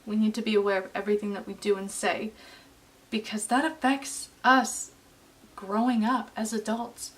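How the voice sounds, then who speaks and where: A woman in her late twenties talking earnestly in a personal vlog, halting and heartfelt. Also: medium pitch, flat delivery, recorded from a distance, low-quality recording. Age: late 20s. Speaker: vlogger.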